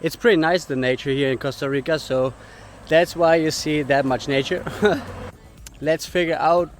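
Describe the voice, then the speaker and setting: A man's voice: on the high side, steady tone, normal speed, soft background music. A man with German as his first language, chatting casually as a travel vlogger outdoors on a hiking trail, out of breath from the climb and laughing often.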